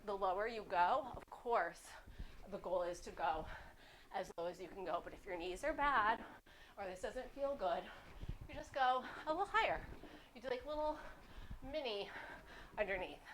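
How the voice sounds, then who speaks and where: A woman's voice: mid-range voice, expressive, normal speed, long pauses, fairly bright tone, slight background noise, poor audio. A woman leading a cardio boxing workout, counting reps aloud in an upbeat, chatty way and getting slightly winded. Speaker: fitness instructor.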